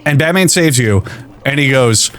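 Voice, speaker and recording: A man hosting a relaxed gameplay commentary, voice sitting at an ordinary male pitch. He jokes freely and builds absurd hypothetical scenes to quiz his co-host. The talk is loose, chatty and playful. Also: normal speed. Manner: joking, spins silly hypothetical scenarios.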